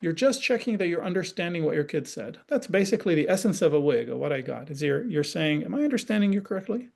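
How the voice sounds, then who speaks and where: A man's voice: a little high, animated, fast talker, creaky, darkish tone. A man explaining parenting ideas in a conversational online talk, often checking in with the listener and acting out example dialogue. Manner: acts out example dialogue in changed voices. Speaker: parenting educator and forum guest.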